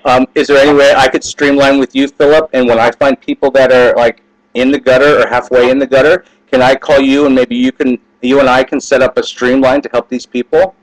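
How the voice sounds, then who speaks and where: A man's voice: medium pitch, little pitch movement, brisk, no room sound, low-quality recording. Vlogger, male, Southern US accent, emphatic, dry close webcam sound. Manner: emphatic, keeps adding "allegedly". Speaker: vlogger recording his own phone calls. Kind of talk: webcam vlog.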